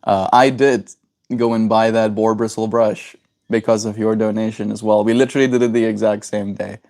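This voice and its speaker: A man's voice: lowish voice, little pitch movement, moderate pace, a little mellow. Chatty man streaming live. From South Africa. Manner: rambling, answers chat messages aloud. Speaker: livestreamer. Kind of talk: casual livestream chat.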